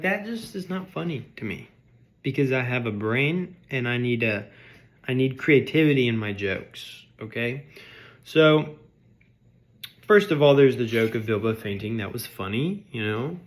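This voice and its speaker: A man delivering a comedic rant, mock-outraged and sarcastic, insulting his audience. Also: mid-range voice. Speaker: vlogger.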